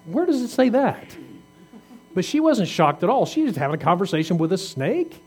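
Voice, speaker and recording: A man's voice: sits high, big pitch swings, normal speed, darkish tone, husky. A man preaching a conversational sermon, asking his congregation questions as he reads scripture. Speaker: pastor.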